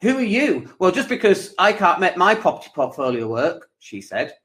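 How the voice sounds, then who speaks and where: Lively chatty English man, podcast host. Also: high voice. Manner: animated, lively, jokey and ranting. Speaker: podcast host and property coach. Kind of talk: casual livestream monologue.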